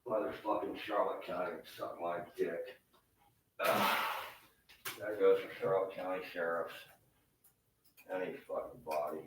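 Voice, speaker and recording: A man's voice: low-pitched, little pitch movement, a little slow, pauses often, noisy background. A man in pain giving a profane, rambling, bitter rant to the camera. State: in pain, feeling unwell.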